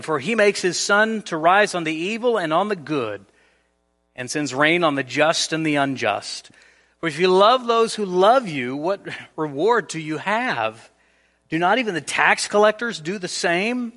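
Bright-voiced preacher in echoing church. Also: male voice, fairly high pitch. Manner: animated, acts out everyday scenarios. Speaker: pastor. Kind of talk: sermon. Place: church sanctuary.

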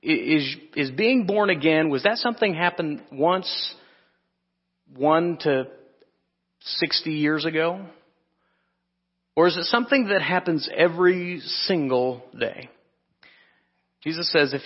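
A pastor giving a relaxed, conversational sermon to an evening congregation, pausing with fillers and correcting himself. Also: male voice, fairly high pitch, breathy edge. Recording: muffled, reverberant church hall.

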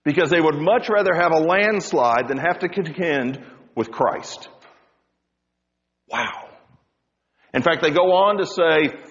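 A man's voice: fairly high pitch, lively intonation, takes it slowly, long pauses, big-room sound, highs cut off. A man preaching a sermon as pastor, rising and dropping his voice for emphasis.

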